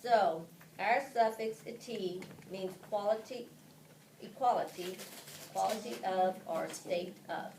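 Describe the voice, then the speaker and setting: A woman's voice: mid-range voice, a little mellow. Woman teacher, distant and roomy. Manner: spells letters out slowly, with frequent ums and restarts. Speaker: teacher trainer leading a phonics workshop. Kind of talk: classroom-style instruction to fellow teachers. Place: classroom. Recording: roomy, distant and noisy classroom recording.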